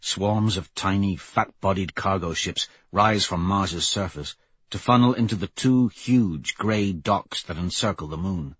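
A man reading a novel aloud as a first-person audiobook narrator, in a steady, measured way. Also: sits low, husky, dry recording, dull audio.

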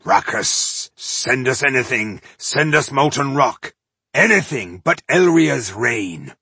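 A gruff male dwarf warrior barks out orders in a blustering, commanding way, voiced by a male narrator. The voice is husky and swings up and down a lot. It sounds close and dry, as in a storybook reading. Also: medium pitch, expressive, slow, sharp tone, no room sound, pitched above the performer's own voice, heavily acted. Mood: defiant.

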